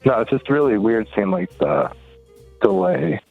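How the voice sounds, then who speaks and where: A man calling in, chatting casually in a relaxed, filler-heavy way. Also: medium pitch, measured pace, vocal fry, slightly rough, faint music behind. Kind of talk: casual chat. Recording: tinny phone line.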